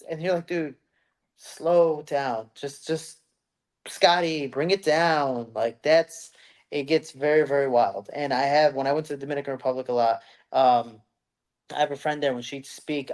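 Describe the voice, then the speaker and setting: A man co-hosting a casual podcast, telling animated stories full of "like" and casual swearing. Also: mid-range voice. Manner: animated storyteller, swearing, heavy use of "like". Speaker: podcast co-host. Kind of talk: casual chat.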